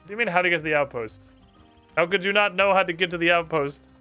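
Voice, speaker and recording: A man's voice: high-pitched, quick pace, bright, forceful tone, smooth, faint music behind. A man voicing a blunt, impatient male penguin spy agent. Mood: incredulous.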